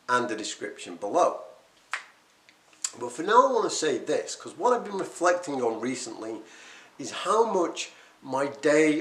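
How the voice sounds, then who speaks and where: A man, talking unscripted to camera as a quit-smoking coach, animated and emphatic, often poking fun at himself. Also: mid-range voice. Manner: animated, emphatic, self-deprecating. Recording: echoey room.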